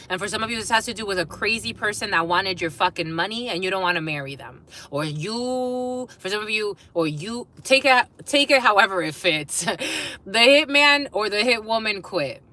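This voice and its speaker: A woman's voice: mid-range voice, expressive, a little fast, pushed and bright, a little hiss or hum. A woman giving a collective spiritual reading to camera, blunt and profane, breaking off with laughs as messages come in. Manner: blunt, swearing, laughing asides. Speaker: tarot reader.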